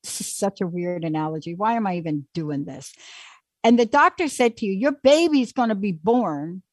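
A woman's voice: mid-range voice, lively intonation, normal speed, no room sound. A woman hosting a radio call-in show, talking in an emphatic, pushy way as she coaxes her caller along. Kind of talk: casual call-in coaching.

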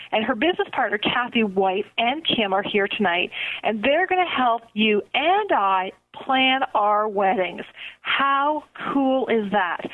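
Canadian lady radio host, middle-aged, super enthusiastic, sounds like it's over a phone line. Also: mid-range voice. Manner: enthusiastic and gushing, addresses listeners directly. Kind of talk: upbeat radio chat with promotions. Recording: phone-line quality audio.

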